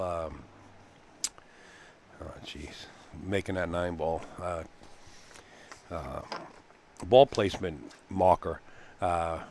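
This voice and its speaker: A man with a low, deep voice calls a live pool match in a relaxed, folksy way. He rambles between shots and fills the gaps with uhs. A faint hum sits under his voice. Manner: chatty, folksy, laughs easily, frequent fillers. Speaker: pool commentator. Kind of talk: live sports commentary. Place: pool hall commentary booth.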